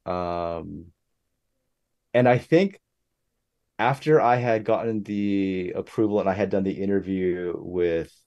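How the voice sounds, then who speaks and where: Young guy guesting on a podcast, lowish mellow voice, chatty, gets animated and squeaky doing quotes. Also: slow pace, pauses often. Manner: animated storytelling, jumps up in pitch when quoting people. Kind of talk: casual interview chat.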